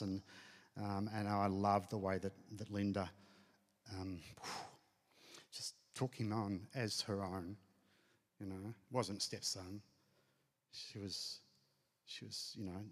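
A middle-aged man telling an earnest personal testimony as a pastor speaking to a congregation. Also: on the low side. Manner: earnest storytelling, emotional, addresses congregation. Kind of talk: sermon testimony. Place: church hall. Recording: hall reverb.

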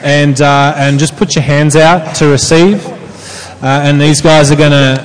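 A man hosting a church panel in casual chat, relaxed and filler-heavy, often restarting. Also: on the high side, measured pace, clean tone, long reverb tail, low-quality recording.

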